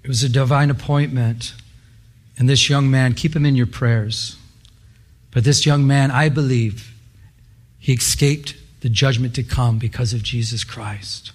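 A pastor telling a story in a sermon, quoting scripture, lively at times and hushed at others. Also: male voice, mid-range voice, measured pace, slightly rough. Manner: animated, quotes scripture, drops to hushed intensity.

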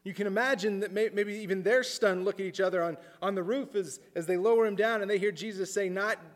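A man preaching a sermon in an earnest way, repeating words as he thinks aloud and dropping his voice low for emphasis. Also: brisk, hardly any pauses, big-room sound. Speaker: pastor.

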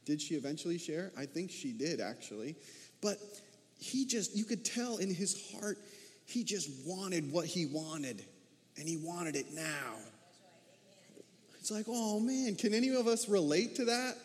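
A fairly high-pitched man in his thirties preaches a sermon. He talks with animation and keeps asking his congregation questions. His voice rings with the long reverb of a big church hall. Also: a little slow. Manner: animated, asks the listeners many questions. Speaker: pastor.

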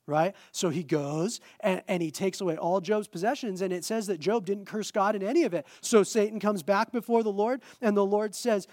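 A male preacher delivering a sermon in a chatty, animated manner. He mixes self-mocking jokes with earnest points, and his slightly high voice is recorded close and dry. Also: fairly quick, hardly any pauses, no room sound. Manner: animated, conversational, self-deprecating humor. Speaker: pastor.

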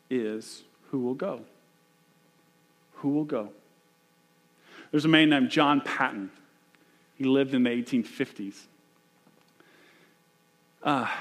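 Slightly high-voiced pastor preaching a sermon. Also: male voice, a bit bright. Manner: storytelling, building to urgent repeated rhetorical questions. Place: church.

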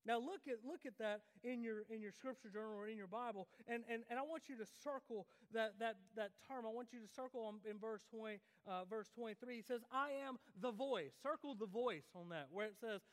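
A man preaching a sermon, talking conversationally with restarts and swinging from loud emphasis to hushed asides. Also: high-pitched, fairly quick, few pauses. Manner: conversational preaching with repeated restarts, rising and dropping sharply for emphasis. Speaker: pastor. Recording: long hall reverb.

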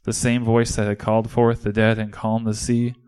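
A man's voice: lowish voice, flat delivery, normal speed, a little mellow, clear, resonant tone. A man performing an impassioned first-person monologue in a church service, speaking as a disciple. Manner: impassioned, indignant storytelling.

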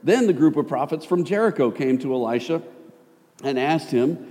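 Casual preacher in a reverberant hall. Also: male voice, on the high side, brisk, warm tone. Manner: conversational preaching, jokes and acted-out asides. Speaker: pastor. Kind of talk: sermon.

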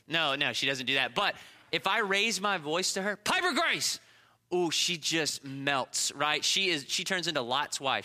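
A man in his thirties preaching a sermon in a church, conversational and animated, acting out little everyday examples with self-deprecating asides. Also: sits high. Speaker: pastor. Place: church sanctuary.

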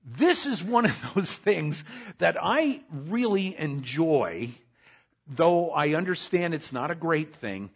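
Pastor guy preaching, kinda husky, voice goes all over the place, loud then real quiet, talks right to the crowd. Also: fairly high pitch, sing-song, slow pace. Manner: swings between loud emphatic lines and soft, quiet ones; talks directly to the congregation. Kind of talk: sermon.

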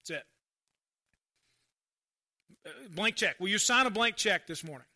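High, piercing-voiced male pastor preaching. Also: animated, unhurried, pauses often. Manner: conversational preaching, swinging between loud emphasis and quiet asides. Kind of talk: sermon.

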